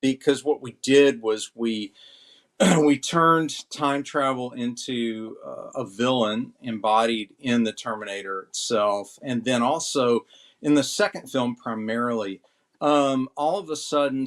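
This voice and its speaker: A man co-hosting a relaxed podcast, easygoing and playful, who repeats lines for a laugh. His voice is a middle pitch. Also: a little slow. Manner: jokey, agreeable, repeats phrases for comic effect. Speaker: podcast co-host. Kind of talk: casual chat.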